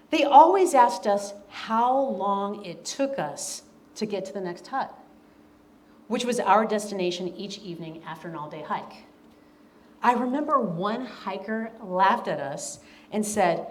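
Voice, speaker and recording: A Southern American woman, an author and speaker, addresses an audience in an event room, reading from her own book. Her mid-range voice is animated and measured, and she speaks earnestly and emphatically, repeating key lines over slight background noise.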